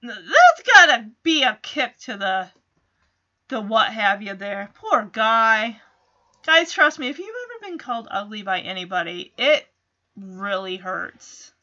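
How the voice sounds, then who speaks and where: Giggly high-voiced woman recapping a show. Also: very animated, a little slow, bright, forceful tone, lo-fi sound. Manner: giggly, chatty, laughs often. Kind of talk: casual episode recap.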